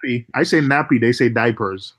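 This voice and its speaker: A man's voice: mid-range voice, a little fast, crowd noise. A man from Jamaica chatting casually in a playful, teasing way. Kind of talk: casual group chat.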